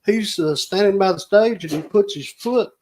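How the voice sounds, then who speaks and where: A man's voice: high-pitched, normal speed, a little mellow, a little hiss or hum, poor audio. A man, telling a rambling, folksy story as a guest on a radio show. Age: 50s. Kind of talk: storytelling in casual radio chat. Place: radio studio on location.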